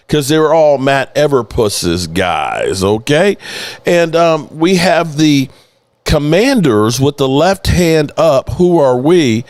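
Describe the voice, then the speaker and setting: A man with a slightly high, very lively voice hosts a casual sports stream. He talks loosely and jokes, with crude asides as he shouts out his viewers. The sound is dry and close to the mic. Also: moderate pace, clear, resonant tone, dry recording. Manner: loose, joking, profane, greets chat viewers by name. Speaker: host of a sports news channel.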